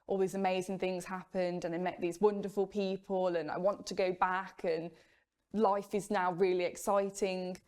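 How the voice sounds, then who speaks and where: Young woman talking through her past, lowish voice, open and steady. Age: young adult. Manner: candid, measured storytelling with rueful laughs. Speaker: former Jehovah's Witness sharing her story. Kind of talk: personal testimony.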